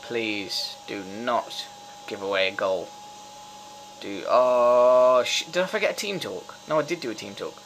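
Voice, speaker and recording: Excitable young man swearing. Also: fairly low pitch, moderate pace, slight background noise, low-quality recording. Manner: excitable, swears often, cheers at goals. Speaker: gamer doing live commentary. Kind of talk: casual live gameplay commentary.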